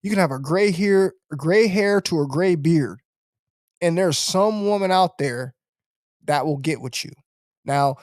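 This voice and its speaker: A man's voice: sits high, a little mellow, no echo, studio quality. A man hosting a live-stream podcast, talking bluntly and preachily, with lots of swearing and repeated tag questions. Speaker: podcast host.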